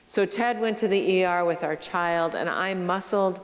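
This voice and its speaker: A middle-aged woman pastor giving a sermon, telling stories slowly and reflectively and speaking straight to her congregation. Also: lowish voice. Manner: slow, reflective storytelling with direct address to the congregation. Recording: long church reverb.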